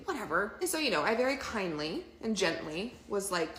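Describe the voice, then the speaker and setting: A woman's voice: medium pitch, expressive, fast, hardly any pauses, a bit bright, roomy sound. A woman telling a dating story in a casual, chatty, exasperated way, swearing freely. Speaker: TikTok storyteller.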